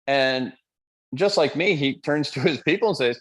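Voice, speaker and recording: A man giving a live-streamed motivational talk, joking and conversational, checking in with his audience with quick questions. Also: mid-range voice, expressive, husky. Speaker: motivational speaker.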